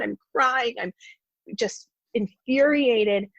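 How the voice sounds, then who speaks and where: A woman's voice: a little high, normal speed, dry recording. A woman telling a personal faith story as a podcast guest, earnest and heartfelt. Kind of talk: personal testimony in conversation. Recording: dull, dry podcast audio.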